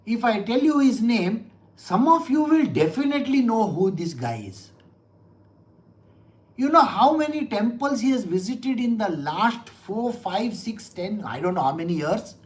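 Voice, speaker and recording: A man, a spiritual teacher giving an animated scripture lecture full of rhetorical questions. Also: high voice, unhurried, poor audio.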